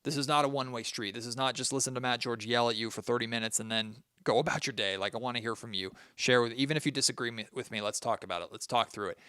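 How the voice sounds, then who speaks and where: A man's voice: medium pitch, fairly even intonation, quick pace, hardly any pauses, sharp tone, clean tone, dry recording, clean studio sound. A man hosting a solo sports podcast, venting his frustration and talking straight to his listeners. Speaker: podcast host.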